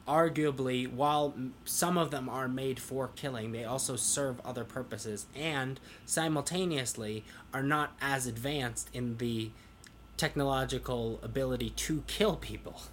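Young man, casual podcast talk, bright tone, explains earnestly, light background noise. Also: medium pitch, a little slow. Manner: earnest, explanatory, restarts sentences. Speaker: podcast co-host. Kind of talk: casual chat.

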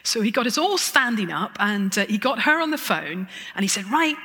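A woman giving a lively, self-mocking testimony talk, with chuckling asides. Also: mid-range voice, normal speed, breathy edge. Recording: long hall reverb.

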